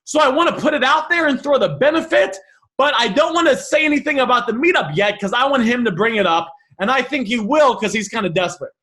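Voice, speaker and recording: A man with a very high, bright voice coaching people on how to haggle. His pitch moves a lot as he walks through each message and thinks aloud, often restarting his sentences. The delivery is lively, like a teacher talking a class through examples. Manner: animated, quick restarts and repeated phrases, thinking aloud. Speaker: negotiation coach.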